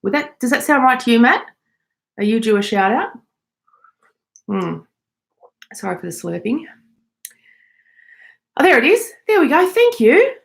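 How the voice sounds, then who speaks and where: A woman's voice: fairly high pitch, very animated, unhurried, gravelly, long pauses. An Australian woman hosting a casual live chat from home, chatting and reading out viewer messages. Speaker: podcast host.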